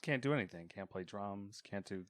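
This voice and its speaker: A man's voice: on the low side, lively intonation, normal speed, no echo. A man hosting a weekly gaming podcast, chatting loosely and trailing off mid-thought. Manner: rambling, trails off into mumbles. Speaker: podcast host. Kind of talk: casual chat.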